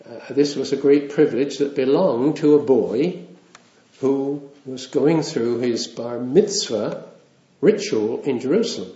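A man's voice: medium pitch, measured pace, dark tone. A man preaching a sermon in a conversational way, with wry asides and small chuckles. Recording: roomy, dull lo-fi sound.

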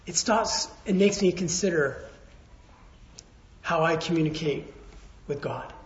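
A man pastor giving a sermon, telling stories in a conversational way, dropping to hushed tones and then rising again. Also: a little high, a little slow. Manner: storytelling, conversational, swings from hushed to raised. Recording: roomy, slightly dull sound.

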